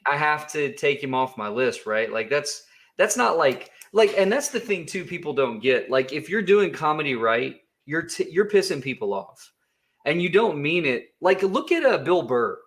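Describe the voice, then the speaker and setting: A man's voice: fairly high pitch, big pitch swings, moderate pace, a bit bright. A man co-hosting a livestream, talking casually and rambling, with frequent laughter and filler words. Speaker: livestream co-host.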